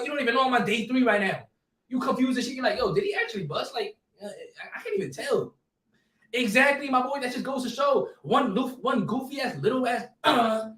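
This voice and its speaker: Fast, bright-voiced young male streamer. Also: high-pitched. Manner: fast, loud slang-heavy banter, reading chat questions. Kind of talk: casual livestream chat.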